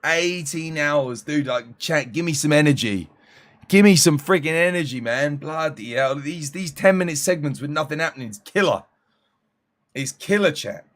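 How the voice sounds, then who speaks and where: A man chatting casually with his live-stream viewers. He is tired and his voice is fading after eighteen hours, and he jokes and thanks people by name in a weary, drawn-out way. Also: fairly high pitch, lively intonation, a bit bright.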